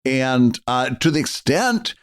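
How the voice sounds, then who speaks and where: Thoughtful man podcast co-host, halting delivery. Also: medium pitch, sing-song. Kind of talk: casual chat.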